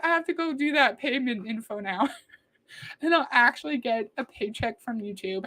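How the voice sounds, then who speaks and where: A chatty woman hosts a casual livestream, reacting to a video and answering her viewers' comments. Her voice sits a little high for a woman. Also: expressive, normal speed, fairly bright tone.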